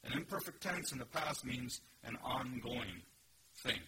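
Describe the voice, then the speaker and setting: Bright-toned preacher. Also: male voice, medium pitch, measured pace, a little hiss or hum, poor audio. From Korea. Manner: earnest teaching, emphatic, with rhetorical questions. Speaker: pastor. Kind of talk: expository sermon.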